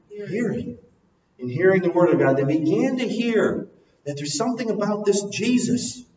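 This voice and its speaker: A man preaching a sermon, dropping soft and low, then rising loud and emphatic. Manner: swings from soft and low to loud and soaring, sings a hymn line. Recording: echoey hall, recorded from a distance, muffled.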